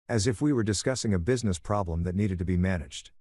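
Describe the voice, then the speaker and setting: Low-voiced man narrating a story. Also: fast, mellow, no echo, studio quality. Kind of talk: scripted first-person story narration.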